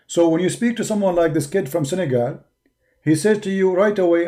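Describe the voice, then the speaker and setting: A man's voice: sits high, a little fast, mellow. Combative man with an Arabic accent. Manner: combative, mocking, emphatic. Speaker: religious debater. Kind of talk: polemical monologue.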